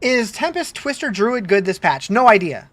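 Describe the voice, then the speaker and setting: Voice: mid-range voice, very animated, normal speed, fairly bright tone, slight background noise. A game streamer with the hiccups, chatting casually on a live stream, reading out viewer comments and answering them with many restarts.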